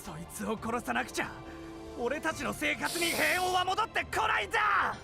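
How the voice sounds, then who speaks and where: Actors voicing hostile male villagers in a video game, shouting rough, gruff threats. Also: very high-pitched, quick pace, over music, exaggerated voice. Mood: threatening.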